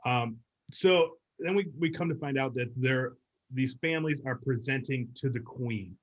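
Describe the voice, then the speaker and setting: A man's voice: medium pitch, normal speed, dull audio. A man co-hosting a podcast, reviewing a TV episode in a chatty, upbeat way with lots of fillers. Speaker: podcast co-host. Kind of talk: casual review chat.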